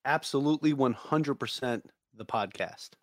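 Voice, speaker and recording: A man talks as a podcast guest. He is friendly and easygoing, repeating words as he thinks aloud. His middle-pitched voice is recorded close and dry, with no room sound. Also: normal speed, dry recording. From Long Island, New York. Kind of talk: casual interview chat.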